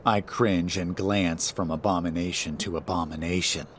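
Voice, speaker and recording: A man narrating a first-person horror story in a measured, grave way. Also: low-pitched, fairly even intonation, fairly bright tone, a little hiss or hum.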